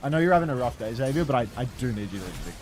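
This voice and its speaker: A man with a mid-pitched voice, calling esports matches play-by-play. He teases his partner in easy banter and lifts his energy as the fights break out. His delivery stays quick and clear. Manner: teasing banter, rising excitement on plays. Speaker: esports caster. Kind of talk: play-by-play commentary.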